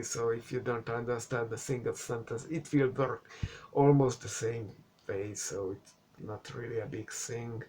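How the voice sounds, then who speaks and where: A man speaking English as a second language delivers a relaxed, sarcastic movie review at a slow, deliberate pace. He sounds exasperated with the film's choices and swears casually as he goes. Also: mid-range voice, a little hiss or hum. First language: not English. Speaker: film reviewer.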